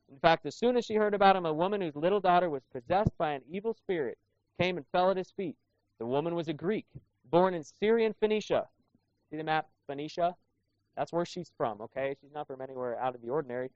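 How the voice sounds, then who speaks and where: Preaching to his congregation, this male pastor speaks conversationally and keeps asking rhetorical questions. His voice leans high, the recording is dry, and the audio has a dull, lo-fi character.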